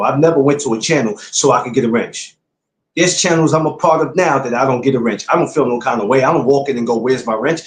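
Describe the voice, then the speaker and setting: In an echoey room, a man with a medium-pitched voice hosts his podcast. He talks to his viewers casually and bluntly in a livestream style, going over his points again and again as if lecturing.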